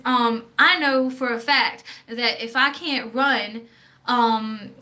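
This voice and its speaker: Blunt, bright-voiced Southern woman vlogger. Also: on the high side. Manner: blunt, profane, keeps asking okay?. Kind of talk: casual opinionated vlog.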